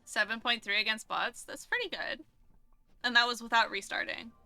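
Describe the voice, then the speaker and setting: A woman live streamer chatting casually while gaming, cooing baby talk to her cat and cheering in excited bursts. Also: fairly high pitch, moderate pace, smooth, dry recording.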